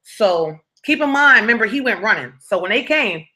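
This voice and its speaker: Animated, blunt woman telling a live story. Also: mid-range voice, moderate pace. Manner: animated, blunt, profane, keeps asking "right?". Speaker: storyteller, channel host.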